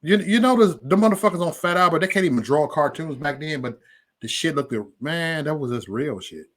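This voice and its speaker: Man, livestream host, casual banter, loud joking, profane, lively swinging pitch. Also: brisk. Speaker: live stream host.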